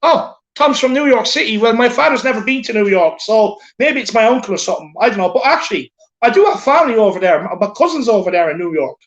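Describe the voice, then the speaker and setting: A man with an Irish accent and a notably high voice hosts a casual live stream, recorded on a phone. He talks in a chatty, repetitive way and keeps calling people "lad" and "my man.". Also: expressive, fast talker, a bit bright, highs cut off. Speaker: show host reading super chats.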